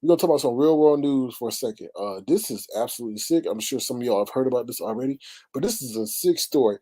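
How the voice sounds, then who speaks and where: Exclaiming man, mellow voice. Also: mid-range voice, expressive, fast. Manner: exclaims and sighs, drawling interjections, greets chat viewers. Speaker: livestream host. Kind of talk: casual livestream commentary.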